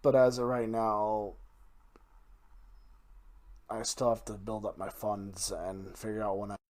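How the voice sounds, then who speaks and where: Slow, rambling male podcast host. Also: on the low side, flat delivery, darkish tone. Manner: rambling, self-correcting, laughs at own slips. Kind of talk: casual solo podcast talk.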